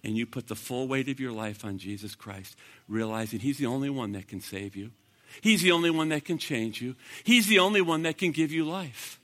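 A man preaching an evangelistic sermon to a live audience, swinging from loud bursts to hushed, earnest talk. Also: mid-range voice, expressive, a little fast. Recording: long reverb of a large hall.

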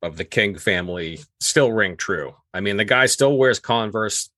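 A man's voice: lowish voice, expressive, moderate pace, pushed and bright, no room sound. A man in his forties from Maine, co-hosting a podcast with playful, theatrical chatter. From Maine, USA. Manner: playful, theatrical, hammy greetings. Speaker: podcast co-host. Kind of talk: casual podcast chat.

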